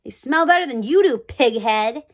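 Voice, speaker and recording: Storybook: woman voicing a nasty, insulting schoolboy, slow hissing drawl, lively swings in pitch. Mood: snarling. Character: rude smelly nasty new schoolboy.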